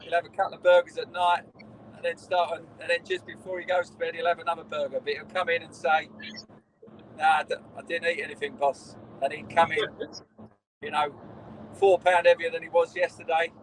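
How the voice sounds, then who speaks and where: A man's voice: fairly high pitch, level tone, fairly quick, slight background noise, poor audio. A middle-aged man, a former footballer telling rambling stories in a casual interview. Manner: rambling storyteller, restarts, swears in quotes.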